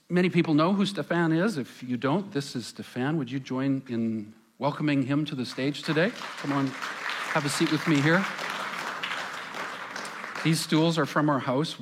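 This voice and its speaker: A man preaching a sermon as pastor on a church stage, conversational, asking the congregation questions and pausing for effect. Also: medium pitch, noisy background. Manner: conversational, asks the congregation questions, dramatic pauses.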